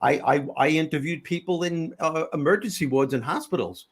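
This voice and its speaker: A middle-aged man with a New York accent hosting a casual panel chat, telling animated stories in bursts with many restarts. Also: on the high side, brisk. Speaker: host.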